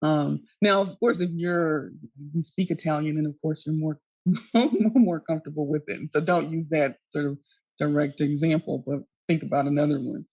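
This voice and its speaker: A woman lecturing at a neuroscience conference, earnest and halting, with frequent ums and restarts. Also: deep voice, darkish tone, dry recording. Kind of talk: recorded conference talk.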